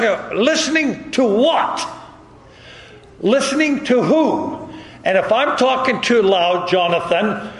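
Male pastor, high and animated, delivering an emphatic sermon in a big echoey church hall. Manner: emphatic, repeats rhetorical questions. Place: church sanctuary. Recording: echoey hall with long reverb.

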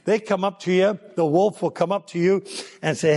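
An older man with a high-pitched voice preaches a children's sermon at a moderate pace, telling stories and acting out voices with animation. The sound suggests a big room.

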